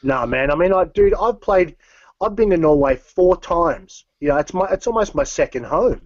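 A man's voice: on the high side, expressive, normal speed, a little mellow, no room sound. Rambling man, dull call audio. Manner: rambling, many fillers and restarts. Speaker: interview guest, metal musician. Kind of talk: casual interview chat.

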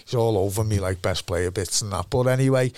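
A man's voice: lowish voice, a little fast, darkish tone, no room sound. A middle-aged man with a Scouse accent, a former footballer, telling rambling, sweary anecdotes in casual chat, full of "lad" and "me".

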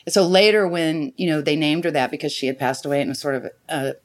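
Lively storytelling actress. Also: female voice, low-pitched, fast. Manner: animated storyteller, laughs often, acts out quotes. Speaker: guest actress. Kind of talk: casual anecdote telling.

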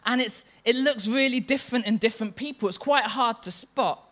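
A man's voice: extremely high pitch, brisk, fairly bright tone. A church leader giving a sermon, telling stories and chanting a mocking refrain to make his point.

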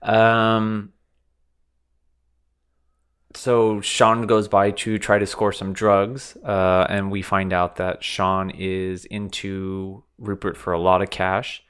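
A man hosting a podcast, recapping a film in relaxed, wry casual chat with lots of fillers. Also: low-pitched, slow, clean tone. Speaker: podcast host.

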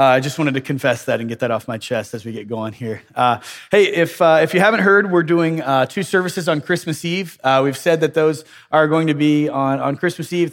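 A man in his thirties, a pastor telling stories in a casual, self-deprecating sermon with many restarts. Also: a little high.

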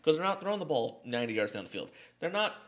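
A man co-hosting a sports podcast in casual chat, animated and quick to act out other people's words. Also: fairly high pitch. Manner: animated, acts out quotes in a mock calm voice. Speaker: podcast co-host.

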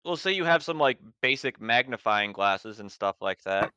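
A man runs a tabletop horror game as game master, his voice bright and forceful with a smooth, crisp edge. He stumbles and repeats words as he improvises, heard close and dry on a slightly dull mic. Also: medium pitch, animated, normal speed, no echo.

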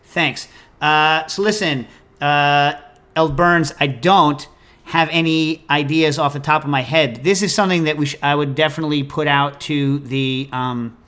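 A man hosting a food call-in show, chatting casually and answering listener questions in an opinionated, animated, digressive way. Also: fairly high pitch, measured pace, clean tone.

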